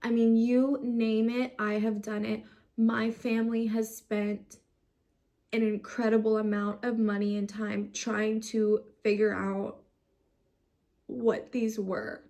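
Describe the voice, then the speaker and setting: A woman's voice: fairly high pitch, little pitch movement, slow, mellow. A young woman from the United States tells her own story to camera, frustrated and close to tears, swearing as her emotions rise. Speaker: vlogger.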